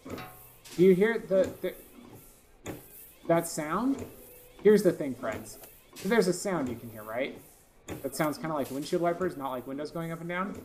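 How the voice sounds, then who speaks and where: A man's voice: fairly high pitch, expressive, unhurried, long pauses, a little mellow, a little hiss or hum. A man giving casual gameplay commentary, rambling with lots of fillers and restarts, often frustrated. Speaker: gaming video host.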